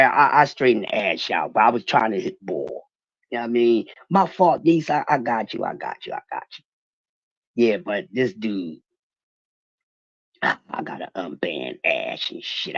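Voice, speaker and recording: Man with a husky, lively voice. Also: medium pitch, no room sound, muffled recording. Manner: profane, animated, talking back to chat. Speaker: livestream host. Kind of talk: casual livestream boxing rant.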